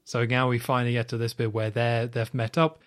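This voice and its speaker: A man's voice: medium pitch, flat delivery, brisk. A man co-hosting a podcast, chatting casually and enthusiastically about a spy film. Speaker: podcast co-host. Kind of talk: casual film review chat.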